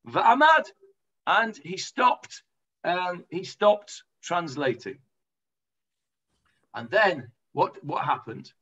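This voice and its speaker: A man's voice: on the high side, very animated, measured pace, bright, forceful tone, muffled recording. A man with an English accent teaching an informal Talmud class, chatty and full of hesitations. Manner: chatty explaining, lots of hesitations.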